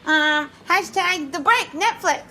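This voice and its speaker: Brief: thirties comedienne, high voice, Pennsylvania twang, dry deadpan quips, light music behind. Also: female voice, takes it slowly, low-quality recording. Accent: central Pennsylvania twang. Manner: dry, deadpan one-liners. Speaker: comedian being interviewed. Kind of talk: quick-fire interview answers.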